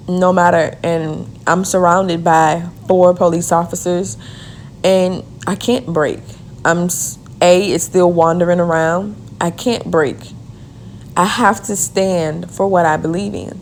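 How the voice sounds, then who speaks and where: A woman telling a personal story in an earnest way, with quick repeated phrases. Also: fairly low pitch, a little mellow, a little hiss or hum. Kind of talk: emotional first-person storytelling.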